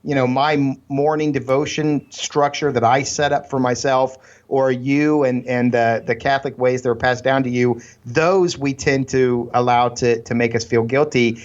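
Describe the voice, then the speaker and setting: A man's voice: medium pitch, fairly even intonation, moderate pace, few pauses. A man co-hosting a casual religious podcast, earnest and fond of long anecdotes full of "you know". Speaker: podcast co-host. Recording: slightly dull, lo-fi sound.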